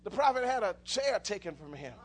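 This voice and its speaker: A man's voice: sits high, sing-song, brisk. A man preaching a sermon, telling stories with many restarts and rising into fervent exclamations.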